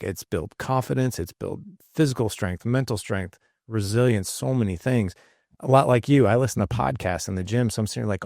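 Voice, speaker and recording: A man's voice: on the low side, darkish tone, dry recording, clean studio sound. A man in his late forties hosting a podcast, telling a personal story in a casual, rambling way with fillers and restarts. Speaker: podcast host.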